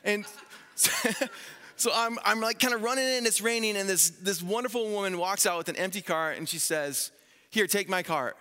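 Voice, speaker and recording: A man in his thirties preaching a sermon in a church, telling stories in an animated way and acting out the voices of people he quotes. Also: high-pitched, normal speed. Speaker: pastor. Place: church sanctuary. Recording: long reverb of a church hall.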